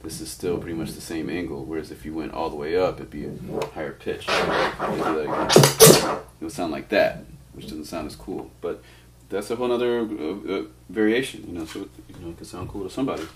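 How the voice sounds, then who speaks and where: Low-voiced man teaching scratching. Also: fast talker, background noise. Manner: relaxed, explains step by step with many "all right"s. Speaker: DJ scratch instructor. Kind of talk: casual instructional demo.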